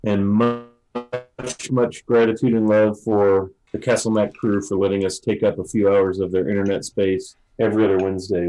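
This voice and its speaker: A man running a tabletop role-playing game as dungeon master, narrating in a relaxed, halting way with many fillers. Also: on the low side, poor audio.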